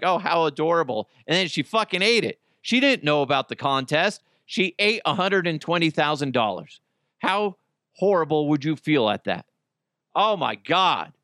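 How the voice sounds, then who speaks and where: On a casual solo podcast rant, a male host talks crudely and jokingly, slipping into mocking voices. His voice is a little high and sharp yet clear and resonant, in a clean studio recording with no room sound.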